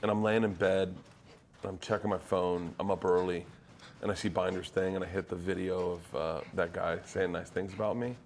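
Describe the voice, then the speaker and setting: A man who is a stand-up comedian, telling stories in casual chat and jumping his voice high to act out the people he quotes. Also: normal speed, a little hiss or hum. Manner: excitable storyteller, swings high to act out quotes.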